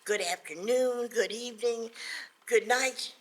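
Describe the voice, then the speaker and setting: A tired but patient mother explains things to her foolish son slowly and simply, as a woman storyteller plays her. Her voice sits fairly high and stays gentle and deliberate. She sounds like a figure from a spoken folk tale. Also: low-quality recording.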